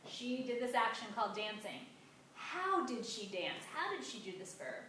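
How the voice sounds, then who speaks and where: Bright-voiced woman teaching grammar. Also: a little high, sing-song, a little hiss or hum. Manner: emphatic, drawn-out stresses on key words. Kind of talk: classroom grammar lesson. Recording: echoey room, mic at a distance.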